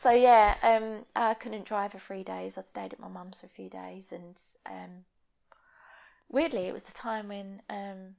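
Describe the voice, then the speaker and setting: A woman's voice: mid-range voice, fairly even intonation, a little slow, gravelly, a little mellow, lo-fi sound. A woman speaking as a podcast guest, telling a personal story frankly and rambling, with frequent fillers. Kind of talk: candid conversational storytelling.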